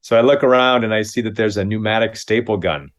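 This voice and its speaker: Man in his 50s, lively storyteller. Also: fast talker. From Minnesota, USA. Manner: lively anecdote, acts out the other voices with big pitch jumps, chuckles. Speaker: guest, comedy actor. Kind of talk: casual storytelling.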